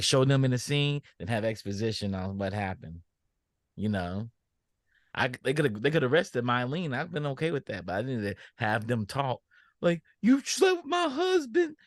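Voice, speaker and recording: A man's voice: mid-range voice, no room sound, clean studio sound. A man co-hosting a podcast, talking bluntly and expressively and swearing casually. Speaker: podcast co-host. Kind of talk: casual chat.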